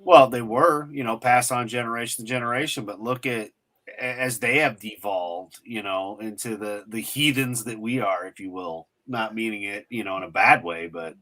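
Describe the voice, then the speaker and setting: Bright-voiced joking podcast man. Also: lowish voice, moderate pace. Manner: crude joking, rambling, trails off. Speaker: podcast host. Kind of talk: casual chat.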